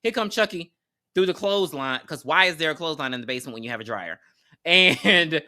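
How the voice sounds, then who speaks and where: Bright, animated podcast host. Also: mid-range voice, fairly quick. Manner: animated storytelling, laughs often, slangy and profane. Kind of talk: casual movie recap.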